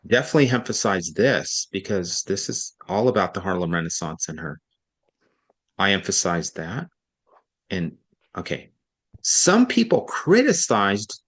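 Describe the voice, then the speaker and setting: A man working as a reading tutor, reading a passage aloud and coaching, deliberately stressing key words and slowing down to make a point. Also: deep voice, animated, fairly bright tone.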